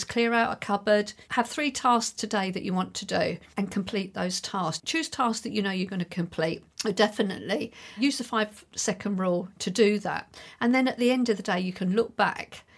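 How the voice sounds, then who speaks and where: A woman's voice: mid-range voice, creaky. Reassuring middle-aged woman podcaster. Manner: reassuring and encouraging, chatty. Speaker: podcast host. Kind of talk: solo podcast monologue.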